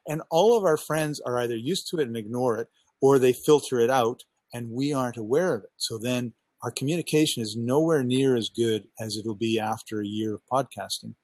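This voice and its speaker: A man coaching on podcasting in a casual chat over a headset mic, talking with lively enthusiasm and acting out his own thoughts. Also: medium pitch, a little fast, no room sound. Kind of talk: casual video call chat. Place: outdoors on a backyard balcony.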